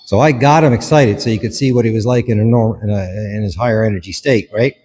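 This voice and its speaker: A man gives a dog training lesson as he works with the dog, calm and instructive, with short commands. His voice sits fairly low and sounds a little husky. A long reverb trails after his words. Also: fast. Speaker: dog behaviourist. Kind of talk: hands-on training demonstration.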